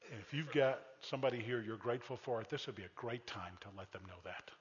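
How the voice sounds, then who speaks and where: Animated preacher in a reverberant hall. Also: male voice, medium pitch, fast talker, muffled recording. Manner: animated storytelling with shouted exclamations; drops to a soft, intimate tone for appeals. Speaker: pastor. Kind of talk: sermon.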